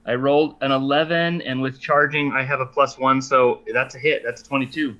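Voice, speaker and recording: A man's voice: medium pitch, level tone, fairly quick, sharp tone, lo-fi sound. A man playing a tabletop game, talking casually and hesitantly as he works out and describes his character's attack. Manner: hesitant, with many fillers and restarts while describing his move. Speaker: player.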